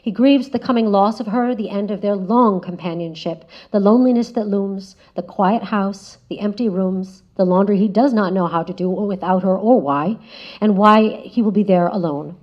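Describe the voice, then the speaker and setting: A woman delivers a prepared talk as a guest speaker, her pitch sitting in a middle range. She speaks in a measured, reflective way, often letting phrases fall softer at their ends. The recording sounds a little dull and lo-fi. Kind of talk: prepared spoken essay. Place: lecture room. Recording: slightly dull lo-fi audio.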